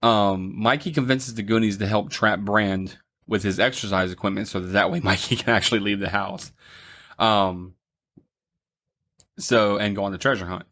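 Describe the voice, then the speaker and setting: Low-voiced man retelling a movie plot. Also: steady tone, fairly bright tone. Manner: retells the plot with many ums, laughs and quick mock voices. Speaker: podcast co-host. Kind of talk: casual movie review chat.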